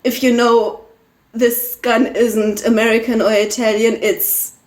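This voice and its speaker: A woman's voice: fairly high pitch, flat delivery, unhurried. A woman co-hosting a fiction podcast, chatting casually, teasing her partner and explaining story details. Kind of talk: casual chat about a story. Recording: roomy home recording.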